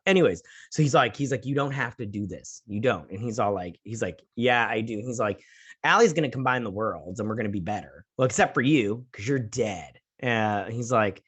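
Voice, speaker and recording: A man in his thirties talks through an episode recap in a loose, rambling way. His voice is animated and bounces up and down in pitch, and he keeps slipping into goofy voices to act out the characters' lines. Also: a little fast, husky. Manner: rambling, acts out scenes in silly voices. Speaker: host. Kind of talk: casual recap and review.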